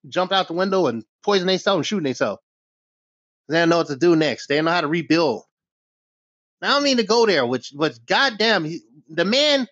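A man's voice: high voice, fairly bright tone, dry recording. Heated American man, foul-mouthed vlog rant, dull dry lo-fi sound. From United States. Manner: angry, profane, heated ranting. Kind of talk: ranting vlog monologue.

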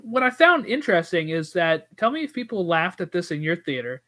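High-voiced animated man chatting. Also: fairly quick. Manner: animated, acts out quoted dialogue. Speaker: podcast co-host. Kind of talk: casual movie discussion.

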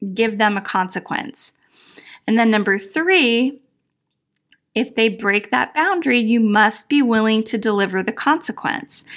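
A middle-aged woman coaching her listeners with firm, emphatic instructions. Her voice sits a little high, and she lays out each point plainly and with conviction. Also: fairly bright tone. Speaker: self-help coach. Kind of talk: direct-to-camera advice talk.

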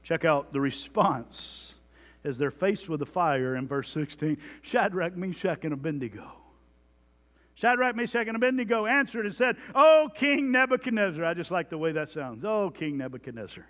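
A man's voice: fairly high pitch, animated, moderate pace, fairly bright tone. A man preaching a sermon, reading scripture aloud with dramatic emphasis. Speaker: pastor. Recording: long hall reverb.

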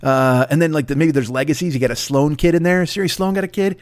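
A middle-aged man riffing solo on his podcast, swearing freely and mocking himself as he rambles from one tangent to the next. His voice sits a little high for a man, and the sound is close and dry with no room around it. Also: fast, no room sound. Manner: profane, rambling, self-mocking ranting. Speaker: podcast host.

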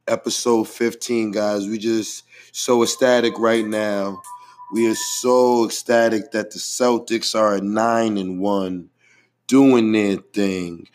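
Slow, chanting man hosting a sports podcast. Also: fairly low pitch, fairly even intonation, darkish tone, soft background music. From Boston, Massachusetts. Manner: rhythmic, chant-like repetition, emphatic. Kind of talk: hype podcast monologue with shout-outs.

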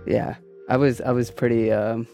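Gravelly-voiced man in rambling stream chat. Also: mid-range voice, level tone, moderate pace, dark tone, soft background music. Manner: rambling with many restarts and fillers. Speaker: podcast co-host streaming on Twitch. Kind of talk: casual live-stream chat.

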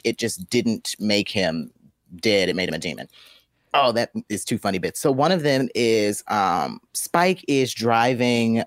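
A man's voice: mid-range voice, dry recording, studio quality. A man co-hosting a podcast in casual chat, laid-back and swearing freely. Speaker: podcast co-host.

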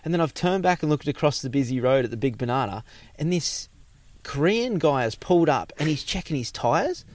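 A man's voice: on the high side, brisk. A man in his thirties with an Australian accent, telling a rambling travel story in casual chat, swearing freely and acting out what people said. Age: 30s. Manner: animated, swears freely, acts out quoted voices.

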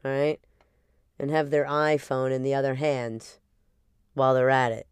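A woman's voice: rumbling low, steady tone, moderate pace, clean tone, no room sound. A woman from New Jersey with a New Jersey accent, hosting a casual solo podcast in a brash, profane and playful way. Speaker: podcast host.

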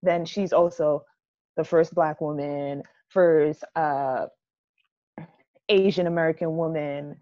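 A young woman from Jamaica co-hosting a casual chat, talking in an animated, emphatic way with laughing asides. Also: sits low, slow pace. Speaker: podcast co-host. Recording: dull lo-fi sound.

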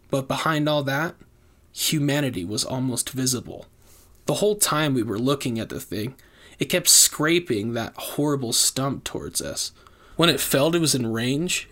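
A man's voice: medium pitch, fairly bright tone. Man narrating a horror story. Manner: measured, deliberate, slows for tense moments.

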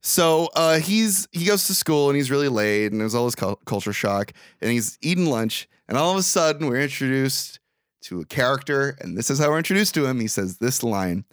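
A man's voice: mid-range voice, lively intonation, moderate pace, dry recording. A man co-hosting a podcast, casually recapping a movie, rambling and laughing often. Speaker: podcast co-host.

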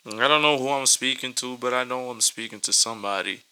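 A man's voice: mid-range voice, fast talker, bright, forceful tone, smooth, poor audio. A man reading scripture and preaching in an informal online sermon, emotional and near tears, repeating words and calling listeners "guys.".

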